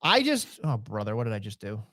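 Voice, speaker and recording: A man's voice: on the low side, huge pitch swings, a little fast, bright, forceful tone, no echo, studio quality. A man co-hosting a podcast, talking in casual, joking banter and swearing freely. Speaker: podcast co-host.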